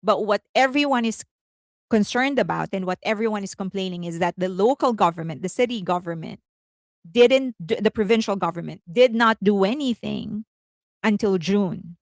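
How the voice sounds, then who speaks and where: A woman's voice: mid-range voice, normal speed, dry recording. A woman hosting casual commentary, chatty, often giggling and correcting herself mid-sentence. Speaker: host.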